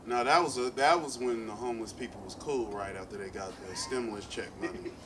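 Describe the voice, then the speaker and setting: Recorded live in a club from a distant mic, with a loud crowd and background noise, this East Oakland, California comic delivers a profane stand-up routine with playful asides. His voice is mid-range and runs a little fast.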